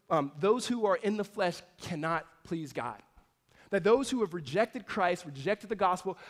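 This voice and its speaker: Pastor guy, high voice, preaching casual, gets loud then drops soft. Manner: conversational, swings between loud emphasis and soft asides. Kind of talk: sermon.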